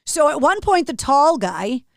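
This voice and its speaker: A middle-aged woman hosts a podcast and tells a story with animated, vivid energy. Her voice is fairly high. The sound is close and dry. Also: unhurried, dry recording. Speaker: podcast host. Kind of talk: casual storytelling chat.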